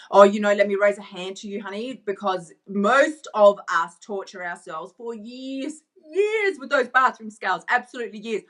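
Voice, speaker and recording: A woman's voice: a little high, animated, moderate pace, a bit bright. A woman, a coach giving a live-stream pep talk, emphatic and repeating lines to drive home her point while she chats with viewers. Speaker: weight-loss coach.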